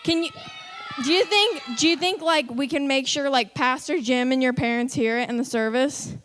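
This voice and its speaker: A woman's voice: high-pitched, normal speed, a bit bright. A woman leading a kids' church lesson, upbeat and coaxing as she calls out countdowns to the children. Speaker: children's ministry leader.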